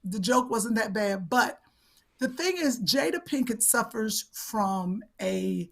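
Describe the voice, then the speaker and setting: A woman hosts a comedy talk show and tells stories with a lot of rambling and energy. Her voice sits a bit high. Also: takes it slowly, creaky. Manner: rambling, animated storytelling. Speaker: show host. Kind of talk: casual comedic chat.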